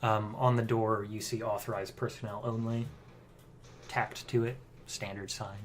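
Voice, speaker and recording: A man's voice: on the low side, level tone, moderate pace, slight background noise. A man narrating a horror tabletop game as game master, laughing often and describing scenes with frequent fillers. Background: music.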